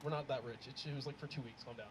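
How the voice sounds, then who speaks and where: A young man performing a stand-up comedy set, telling stories in an animated way and laughing at his own jokes. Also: mid-range voice, racing, slight background noise, low-quality recording. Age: young adult. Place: comedy show with a live audience.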